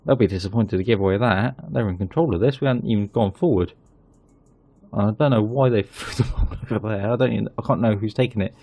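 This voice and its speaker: Low gravelly man commentating a football game. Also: fast. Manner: chatty, excitable when goals go in. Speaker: gaming channel host.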